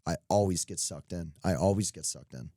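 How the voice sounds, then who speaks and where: Deep-voiced young man riffing on picks. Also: brisk, dark tone, dry recording, clean studio sound. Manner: joking, rambling, laughs at himself. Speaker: podcast co-host. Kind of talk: casual sports betting chat.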